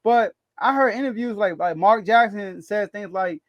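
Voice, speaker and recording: A man co-hosting a casual sports podcast, animated and laughing often as he makes his case. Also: normal speed, no room sound. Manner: animated, laughs often, rising pitch when excited. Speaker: podcast co-host.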